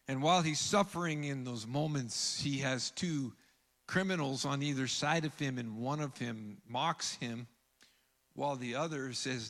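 A man preaching a sermon as pastor, earnest, rising to emphatic peaks and dropping to hushed lines. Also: a little high, unhurried, big-room sound. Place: church sanctuary.

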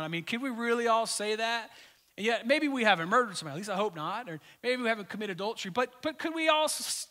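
A man preaching a sermon to his congregation in a conversational, joking way, often dropping suddenly to a soft voice. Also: high voice. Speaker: pastor.

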